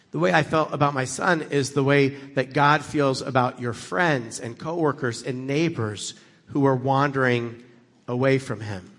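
A man's voice: mid-range voice, a bit bright, big-room sound. A middle-aged man preaching as a guest speaker, conversational and building to emphatic passages. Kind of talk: sermon.

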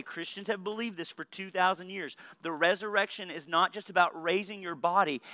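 A man's voice: a little high, bright, forceful tone, no room sound. A man in his thirties from Saline County in the United States, preaching a sermon with earnest points and humorous personal stories. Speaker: pastor.

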